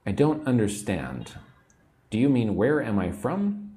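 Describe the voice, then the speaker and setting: An American man giving a livestream English lesson, repeating phrases clearly and greeting viewers by name. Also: fairly low pitch, very animated, a little slow, dark tone. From United States. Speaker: English teacher.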